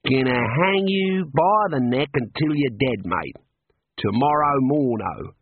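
A man's voice: mid-range voice, animated, slow pace, breathy edge, dry recording, heavily acted. A man voicing a cheerfully callous male prison warder who drawls in casual slang. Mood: callous jovial. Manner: drawling slang, calls people "mate". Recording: narrow phone-like band.

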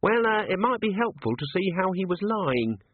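A man's voice: high voice, very animated, moderate pace, no echo, pitched above the performer's own voice. A man voicing an earnest, easily flustered young dwarf watch corporal, heard through a tinny line. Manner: eager, stammering when flustered. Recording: tinny dry phone-like sound.

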